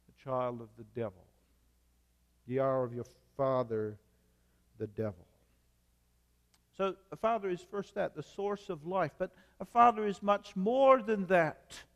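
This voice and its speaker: A man preaching a sermon as a pastor, measured, with emphatic repetition. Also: fairly high pitch, long reverb tail.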